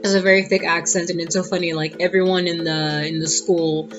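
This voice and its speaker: Sassy low-voiced woman telling a story. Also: flat delivery, a little fast. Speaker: vlogger. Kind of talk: casual storytime monologue. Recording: dull lo-fi audio with guitar music.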